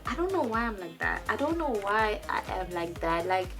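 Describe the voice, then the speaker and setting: A young woman casually telling a personal story in a vlog, animated and jumping into high quoted voices, often restarting and repeating words. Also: normal speed, faint music behind. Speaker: vlogger.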